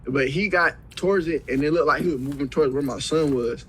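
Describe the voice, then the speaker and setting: A man's voice: fairly high pitch, fast, fairly bright tone, slight background noise, poor audio. A young man retelling a story in profane slang and acting out the lines people said. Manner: profane slang-heavy retelling, acts out quoted dialogue. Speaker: interview guest. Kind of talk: casual storytelling.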